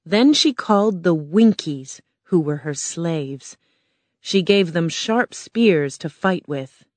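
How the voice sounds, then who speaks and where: A woman narrating a storybook in a plain, measured reading voice. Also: fairly low pitch, animated, darkish tone, no room sound.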